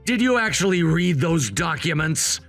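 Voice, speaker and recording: A man's voice: a little high, big pitch swings, moderate pace, a bit bright, soft background music. A man voicing a calculating grown son who talks in a firm, matter-of-fact way, in a voiced story drama. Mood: cold.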